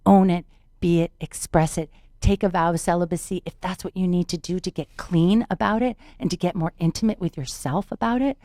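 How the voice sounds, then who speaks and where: Woman, podcast guest, deep voice, dry close sound, earnest, emphatic. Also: fairly quick, mellow, no echo. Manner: earnest, emphatic, repeats words for weight. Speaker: podcast guest, spiritual teacher. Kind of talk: personal storytelling in a podcast interview.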